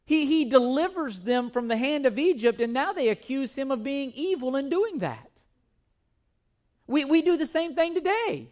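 Male pastor with a high voice, emphatic sermon delivery, repeats himself. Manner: emphatic, repeats words, shifts between slow reading and quick asides.

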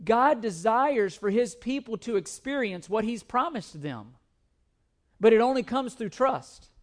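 Male pastor with a high voice, emphatic sermon delivery, repeats himself. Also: expressive. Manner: emphatic, repeats words, shifts between slow reading and quick asides.

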